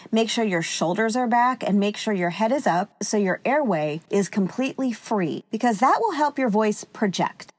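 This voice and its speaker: A woman's voice: mid-range voice, a little mellow, no room sound. A woman hosting a solo podcast as a confidence coach, chatty and upbeat, laughing often and sometimes a little short of breath. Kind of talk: solo podcast advice talk.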